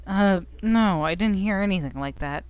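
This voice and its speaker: A woman's voice: mid-range voice, normal speed, clear, resonant tone, highs cut off. A young woman streaming a video game, joking and self-mocking as she reads the text aloud. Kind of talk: casual game commentary. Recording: faint game music behind.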